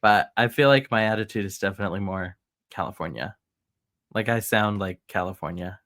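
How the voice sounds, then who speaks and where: A man's voice: on the low side, a little fast, fairly bright tone, no room sound, studio quality. A man from Maryland, a podcast guest, talking casually in a hesitant way and laughing often. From United States, grew up in Maryland. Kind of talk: casual chat.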